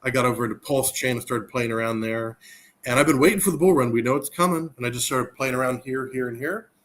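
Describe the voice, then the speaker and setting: A man's voice: medium pitch, quick pace, a bit bright. A man as a guest in a casual crypto interview, talking eagerly in a rambling way with repeated words.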